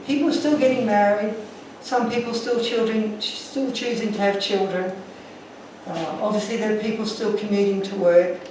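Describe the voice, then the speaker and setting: A man's voice: high voice, a little mellow, recorded from a distance, a little hiss or hum. Earnest man telling stories in echoey room. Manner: earnest, emotional storytelling. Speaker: speaker. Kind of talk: illustrated talk to an audience.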